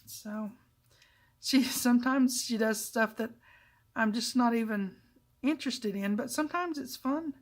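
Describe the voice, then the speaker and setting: A woman's voice: on the high side, measured pace. A middle-aged woman hosting a casual crafting tutorial, chatty and self-deprecating, with frequent asides as she works. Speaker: papercraft channel host.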